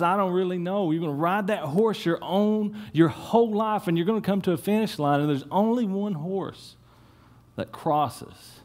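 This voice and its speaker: A man preaching a sermon in church, telling stories with lively swings and dropping to a hushed tone for prayer. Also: on the high side. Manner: animated storytelling, repeats words, drops to a hushed tone in prayer. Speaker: pastor.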